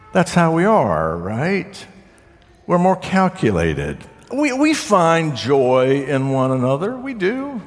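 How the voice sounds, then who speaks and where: Male pastor, mid-pitched, measured sermon delivery with slowed phrases; long hall reverb. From southern United States.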